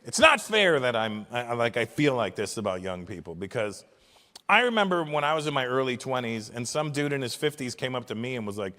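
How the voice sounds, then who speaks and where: A man's voice: medium pitch, fairly quick. Man in his fifties doing profane stand-up in a hall. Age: 50s. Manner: profane, animated, acts out voices in quotes. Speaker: stand-up comedian. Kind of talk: stand-up comedy routine. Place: large live venue with audience. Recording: long hall reverb from a stage.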